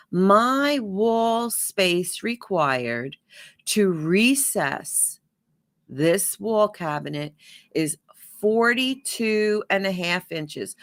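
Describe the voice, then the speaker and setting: Middle-aged woman instructor, unhurried delivery, patient step-by-step explainer. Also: fairly low pitch, a bit bright. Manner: explains step by step, often checks in with "okay?". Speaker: kitchen and bath design educator.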